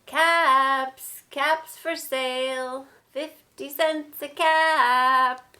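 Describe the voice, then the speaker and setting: A woman voicing a frustrated grown man, a cap peddler, scolding loudly and insistently in a storybook reading. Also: high voice, steady tone, very slow, full character voice. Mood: calling out wares.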